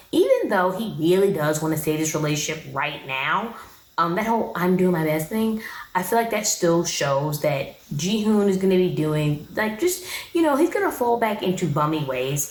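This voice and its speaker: A woman's voice: on the low side, sing-song, moderate pace, echoey room, low-quality recording. A young woman giving a casual, opinionated recap of a reality show in a slangy, chatty way.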